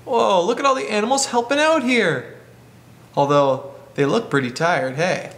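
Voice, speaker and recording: A man hosting a library storytime, reading a picture book to children and asking them gentle questions. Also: sits high, moderate pace. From Canada.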